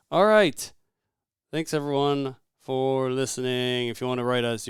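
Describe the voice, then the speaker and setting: A man hosting a casual podcast, rambling and relaxed with lots of fillers. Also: fairly low pitch, clear, resonant tone, no room sound, studio quality. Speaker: podcast host.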